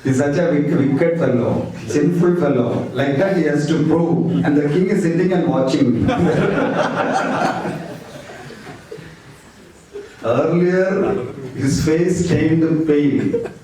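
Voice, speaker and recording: A man giving a scripture lecture as an animated storyteller who chuckles often. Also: fairly high pitch, takes it slowly, pauses often, crowd noise. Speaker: spiritual teacher. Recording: echoey hall, distant mic.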